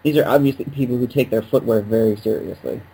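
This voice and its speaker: A man's voice: mid-range voice, fast talker, vocal fry, mellow, husky, poor audio. A man co-hosting a podcast, chatting casually in a jokey, rambling way. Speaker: podcast co-host. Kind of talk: casual chat.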